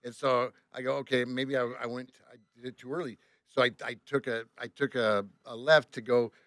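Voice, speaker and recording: A man telling a story as a tour bus driver on a podcast, animated, swearing often and acting out the other voices. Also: medium pitch, brisk, dry recording, clean studio sound. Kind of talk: casual storytelling.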